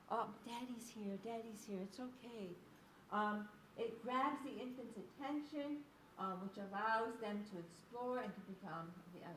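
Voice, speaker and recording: A woman giving a public lecture as a researcher, explaining findings in a lively storytelling way, with frequent ums and uhs. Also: a little high. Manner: lively anecdotal storytelling, acting out quoted speech.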